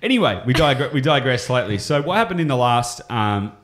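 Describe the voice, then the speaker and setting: A man's voice: medium pitch, animated, fairly quick, a bit bright. An Australian man explaining property investing on a podcast, enthusiastic and rambling, often going off on tangents.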